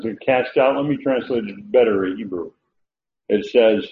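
Male Bible teacher, sermon delivery, deliberate and emphatic; lo-fi tinny audio with faint hiss. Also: on the low side. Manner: slow, emphatic, repeats key phrases. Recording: tinny phone-like lo-fi recording.

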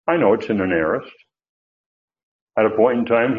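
An older male pastor preaches in a folksy, rambling way, full of asides and restarts. His voice sits low, and the recording sounds dull and lo-fi. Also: big pitch swings, normal speed, long pauses. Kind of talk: expository sermon teaching.

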